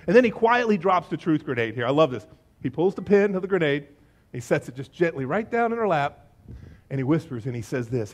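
Male pastor, middle-aged, high and very lively voice, storytelling sermon style. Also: fairly quick. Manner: animated storytelling, acting out voices.

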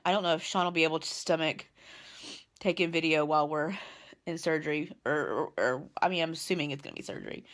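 A young woman, heavily pregnant and out of breath, chatting casually to a phone camera as she shows off a nursery, with lots of fillers and restarts. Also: sits low. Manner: chatty, halting with many fillers. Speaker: vlogger. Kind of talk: casual vlog chat. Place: nursery at home, indoors. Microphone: phone held while walking.

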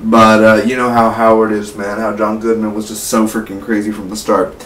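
A man's voice: on the low side, brisk. Rambling teenage guy reviewing a movie. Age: late teens. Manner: rambling, excitable, peppers speech with "man". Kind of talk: casual spoiler review. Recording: echoey room, mic at a distance, faint hum.

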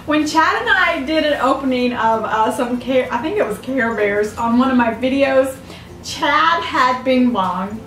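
An older woman, chatting to camera as a vlogger opening fan mail, gasping and gushing with excitement. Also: sits high, unhurried, faint music behind. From Southern United States. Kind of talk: casual chat to camera. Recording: echoey room, mic a bit far off.

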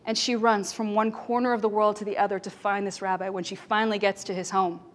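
A woman giving a talk on stage, telling emotional stories dramatically and swinging between loud passages and hushed ones. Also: mid-range voice, little pitch movement, fast talker. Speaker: speaker.

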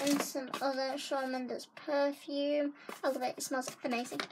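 A woman's voice: high voice, flat delivery, normal speed, background noise. A young woman chatting in a casual haul vlog from her bedroom, gushing and talking straight to her viewers. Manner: gushing, chatty, keeps saying guys. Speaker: vlogger. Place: bedroom at home.

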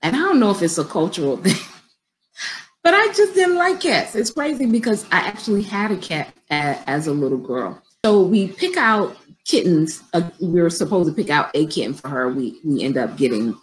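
A woman's voice: fairly low pitch, lively intonation, a little fast, hardly any pauses, a little hiss or hum, poor audio. A middle-aged woman business coach talking conversationally and directly to her viewers on a live stream, with features.

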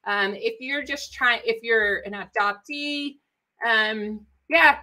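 A woman's voice: fairly high pitch, slow pace, sharp tone. A woman from East Texas with an East Texas accent, co-hosting a genealogy live stream in a chatty, rambling way, often laughing. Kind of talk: casual live-stream chat.

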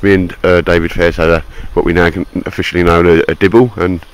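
Deep-voiced Cockney man, chatty vlog. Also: little pitch movement, quick pace, noisy background. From London. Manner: chatty, joking, rambling with filler words. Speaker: vlogger. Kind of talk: casual vlog chat to camera.

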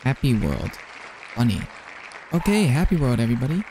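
A young man giving live gameplay commentary as a streamer, excitable and flustered, talking to himself and repeating words over and over. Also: medium pitch, unhurried, some chatter behind, a little hiss or hum.

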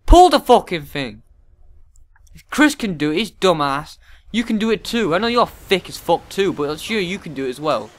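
A man giving profane let's play commentary, often yelling at the game in frustration. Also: high-pitched, big pitch swings, normal speed. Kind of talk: gameplay commentary.

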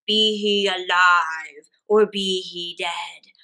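A woman voicing a huge, fearsome male giant who chants slowly and loudly in a storybook reading. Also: fairly even intonation, clear, resonant tone, exaggerated voice, rough recording. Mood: menacing. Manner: slow, booming chant.

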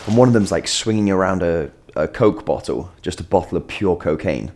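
Brief: low-voiced male vlogger, chatty, meandering, self-mocking humor. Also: lively intonation, fairly quick, darkish tone. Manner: rambling, self-deprecating anecdote with asides and jokes. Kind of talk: casual storytelling vlog.

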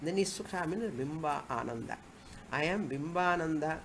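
A woman's voice: sits low, animated, moderate pace, a little hiss or hum. A woman spiritual teacher, explaining scripture patiently and repeating Sanskrit verse phrases as she goes. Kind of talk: scripture lecture.

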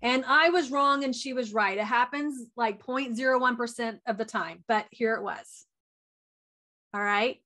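A woman, giving a chatty, animated motivational talk as a wellness coach. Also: on the high side. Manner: chatty and animated, says y'all a lot; talks fast.

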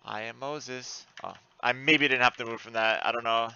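A man giving live commentary while playing an online game, cursing often and swinging between frantic outbursts and low muttering. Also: steady tone, normal speed, creaky, pushed and bright, clean tone, highs cut off. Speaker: gaming streamer.

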